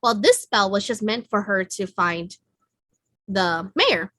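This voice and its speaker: A woman's voice: medium pitch, expressive, slow pace, fairly bright tone, no room sound. A woman guest in a casual film review chat, chatty and opinionated with lots of "like". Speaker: podcast guest.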